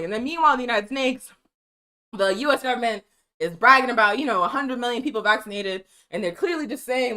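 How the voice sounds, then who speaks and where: A woman's voice: a little high, quick pace, sharp tone. A woman hosting a political news show, reading articles aloud and then ranting angrily with heavy profanity.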